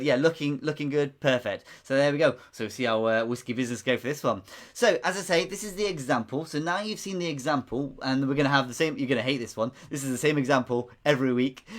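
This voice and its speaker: A man hosting a live online pub quiz, chatty and rambling, repeating himself and chuckling often. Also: mid-range voice. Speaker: quiz host.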